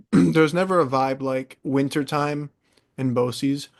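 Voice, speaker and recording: A young man in casual podcast chat, an animated storyteller who wanders into tangents. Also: mid-range voice, takes it slowly. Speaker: podcast co-host.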